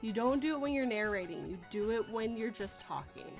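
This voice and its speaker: Brief: female host, rambling and laughing easily, slightly high pitch. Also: lively intonation, fairly quick, creaky, faint music behind. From Canada. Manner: giggly, rambling, self-deprecating. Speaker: podcast host. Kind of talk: casual chat.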